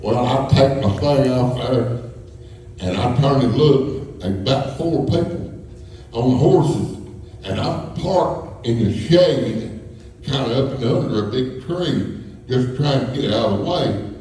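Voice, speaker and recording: Taking it slowly, a storyteller with a warm, expressive, medium-pitched voice chuckles through folksy, rambling stories before a live audience. The setting is a school hall, captured from far off with echo and a faint hum.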